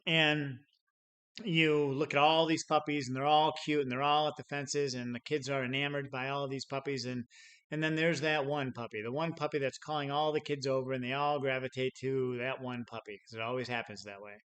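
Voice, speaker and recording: A man's voice: mid-range voice, steady tone, a little fast, fairly bright tone. Chatty middle-aged man teaching sales. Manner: storytelling with acted-out quotes and chuckles; many restarts and repeated words. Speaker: sales trainer. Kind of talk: unscripted teaching talk.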